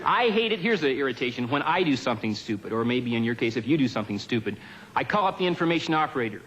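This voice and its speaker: A man doing a stand-up comedy routine on a television studio stage, with a dry, deadpan observational delivery and offhand asides. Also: medium pitch, quick pace, dull audio, a little hiss or hum.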